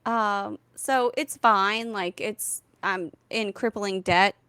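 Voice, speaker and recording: A woman in her thirties co-hosting a podcast, telling stories with lots of fillers and animated asides. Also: mid-range voice, slow pace, clean tone, no room sound. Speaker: podcast co-host. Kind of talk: casual comedic chat.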